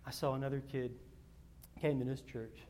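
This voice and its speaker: A male pastor preaching a sermon, telling personal stories in a rambling way, repeating words and swinging from loud to hushed. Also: medium pitch, fairly even intonation, normal speed, slight background noise.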